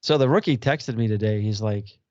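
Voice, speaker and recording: A man's voice: lowish voice, normal speed, a little mellow, no echo. Middle-aged guy hosting a podcast, rambly, lots of ums, kinda dull dry sound. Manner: easygoing, rambling, hesitant with ums. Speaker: podcast host. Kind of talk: casual chat.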